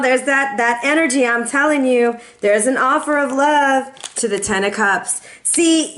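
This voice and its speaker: A woman giving a casual, chatty tarot reading, playful and animated, who slips into quoted voices and bits of song. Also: fairly high pitch. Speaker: tarot reader.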